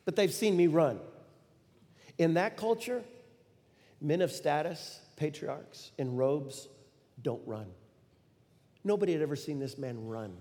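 A middle-aged man preaching a sermon, telling a story in an animated way and acting out the quoted lines with sudden loud bursts. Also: on the high side, unhurried, pauses often. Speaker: pastor. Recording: long reverb of a large hall.

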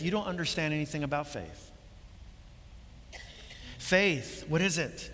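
Impassioned man preaching, bright echoing hall. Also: a little high, lively intonation, a little slow. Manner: impassioned, rising to emphatic peaks then dropping quiet. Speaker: pastor. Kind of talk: sermon. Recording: long reverb of a large hall with faint music.

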